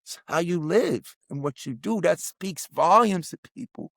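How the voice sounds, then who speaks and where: A man in his sixties, a veteran hip hop artist, telling stories as an interview guest with lively, acted-out quotes and shifting pace. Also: sits high, gravelly, dry recording, clean studio sound. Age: 60s. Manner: animated, acts out quotes, speeds up and slows down. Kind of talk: heartfelt storytelling in conversation.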